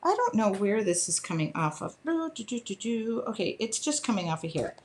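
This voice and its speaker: A woman's voice: medium pitch, big pitch swings, brisk. A middle-aged woman hosting a live art journaling demo, chatting casually and laughing often as she works. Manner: chatty, laughs often, talks while working.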